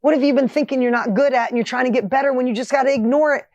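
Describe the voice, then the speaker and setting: A middle-aged man telling a motivational story with energy and emphasis, his voice rising when excited. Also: very high voice, rapid-fire, no echo, muffled recording. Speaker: motivational speaker.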